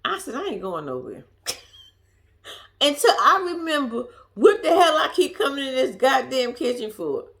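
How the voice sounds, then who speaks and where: Animated, swearing woman vlogger. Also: sits high, normal speed, gravelly. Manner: animated, swears freely, laughs at herself. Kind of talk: casual storytelling to viewers.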